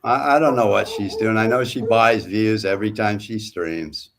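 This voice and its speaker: A man's voice: on the low side, normal speed, noisy background. A man calling into a casual chat, blunt and scornful, ranting and swearing.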